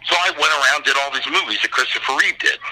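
An older man, a guest actor, telling stories in a casual chat on a call, profane and animated. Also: medium pitch, fast talker, poor audio.

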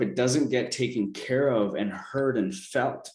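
A man speaks in relaxed conversation, earnest and reflective, often checking in with a quick "right?". His voice carries a noticeable room echo, as if he is talking in an open, live space. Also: mid-range voice. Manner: earnest, reflective self-help talk with frequent "right?". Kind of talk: casual chat.

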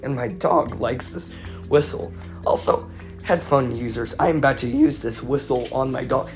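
Low-voiced stuttering woman rambling to mic. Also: normal speed, over music. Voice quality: stutters, repeats words. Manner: self-mocking, jumps between loud outbursts and mumbling. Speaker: podcast host. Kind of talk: rambling solo podcast. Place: home recording studio room with her dog.

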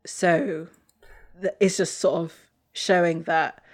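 Unhurried, thoughtful woman. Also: fairly low pitch, steady tone. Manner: thoughtful, hesitant, lots of restarts. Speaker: podcast co-host. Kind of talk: casual chat recapping a TV episode.

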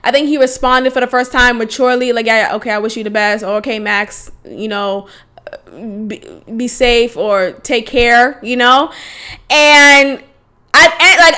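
Animated, bright-voiced woman podcaster. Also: high voice. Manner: animated, swings into loud exasperated outbursts and laughter. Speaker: podcast host. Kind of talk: casual solo podcast storytelling.

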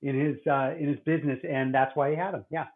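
Rambling doctor on a tinny line. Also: male voice, medium pitch, little pitch movement, fast talker. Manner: rambling, many restarts and fillers. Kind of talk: casual podcast chat.

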